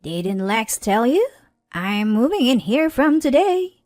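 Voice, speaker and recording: A woman's voice: medium pitch, big pitch swings, a little slow, voice pushed up. A woman voicing a bossy, overbearing mother-in-law who gives curt orders. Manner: curt, commanding.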